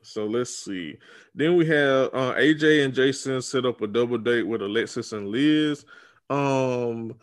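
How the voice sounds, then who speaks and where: A podcast co-host with a mid-range voice speaks a little slowly in a casual chat reviewing a reality dating show. He rambles, with many ums and restarts.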